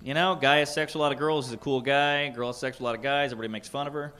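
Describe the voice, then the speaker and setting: A man's voice: medium pitch, steady tone, very fast, fairly bright tone. A man doing stand-up in a comedy club, ranting with mock indignation. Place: comedy club stage with audience. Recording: live club audio with crowd noise.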